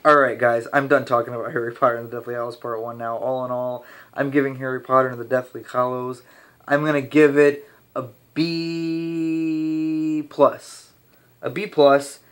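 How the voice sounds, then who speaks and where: A young man rambling casually through a movie review, ranting a little and restarting his sentences, his voice slightly hoarse. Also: mid-range voice, level tone, fast talker, few pauses, a bit bright.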